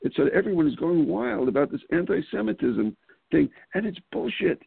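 A man's voice: fairly high pitch, expressive, fairly quick, creaky, breathy edge, dry recording. A man guesting on an interview show, talking casually and animatedly, with frequent restarts and laughs. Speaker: political candidate guest. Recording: phone-like call audio.

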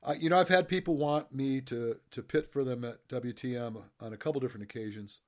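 A man's voice: mid-range voice, fairly quick, darkish tone. A middle-aged man interviewing a guest and coaching, telling loose, joking stories in a casual chat. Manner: chatty storyteller, loose and joking.

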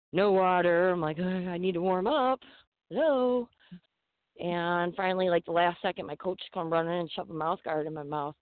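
A woman's voice: fairly low pitch, clear, resonant tone, no room sound. A woman guest telling stories in a casual, profane, laughing manner on a podcast. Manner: profane, laughing, animated storyteller. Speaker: guest fighter. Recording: tinny phone-like line.

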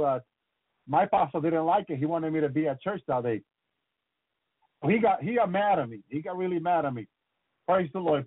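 A man with a high voice preaches with fervent testimony and keeps breaking in with praise. He often repeats and restarts his phrases. The recording is dry and sounds thin, like a phone line. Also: dry recording. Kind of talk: testimony sermon. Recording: tinny phone-like broadcast sound.

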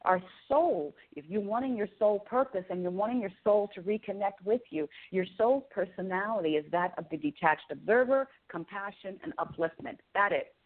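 Woman, earnest preaching tone, storytelling, thin phone-line sound, middle pitch. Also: moderate pace, few pauses. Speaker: guest, spiritual teacher. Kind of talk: conversational interview. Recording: phone-like remote call audio.

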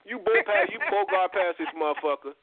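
A man's voice: sits high, a little fast, no room sound. A man co-hosting a casual comedy chat, talking bluntly and building a scene. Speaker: co-host. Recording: dry phone-like radio sound.

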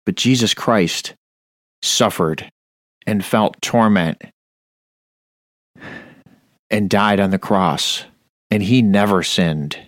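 A man's voice: lowish voice, takes it slowly, long pauses, no echo, studio quality. A man preaching a Bible study on a radio show, earnest and stern, reading scripture aloud. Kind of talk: sermon-style Bible study.

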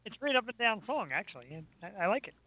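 A man hosting a casual chat about music, goofy and quick to break into silly imitations. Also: sits high, sing-song, dry recording. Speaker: podcast host. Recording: tinny phone-line sound.

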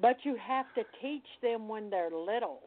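An older woman from the Deep South, talking casually as a guest, telling stories with emphatic agreement. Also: animated, moderate pace. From American Deep South. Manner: warm storytelling, emphatic agreement. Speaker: conjure worker, guest. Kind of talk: casual conversation. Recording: tinny phone-line sound.

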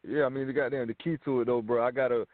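A man's voice: medium pitch, fairly even intonation, fast talker. A man chatting on a casual talk radio show, brash and profane, full of slang. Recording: dry phone-like line.

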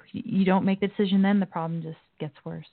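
A female talk show host giving measured, opinionated commentary. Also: lowish voice, fairly even intonation, dry recording. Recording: dry, phone-like line.

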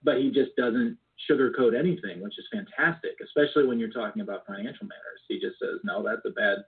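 Husky man guest on a tinny line. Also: medium pitch, fast. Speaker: business club founder, guest. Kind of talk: casual interview chat.

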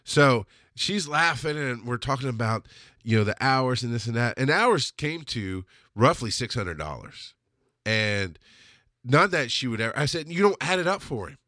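Male podcast host, casual storytelling, animated delivery, crisp dry close-mic sound. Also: measured pace, no room sound. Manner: animated, jumps up in pitch for emphasis and quoted speech.

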